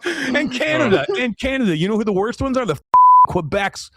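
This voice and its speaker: A man hosting a casual tech podcast chat, ranting in an animated way and laughing often. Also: very high voice, fairly quick, noisy background. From New York. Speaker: podcast host.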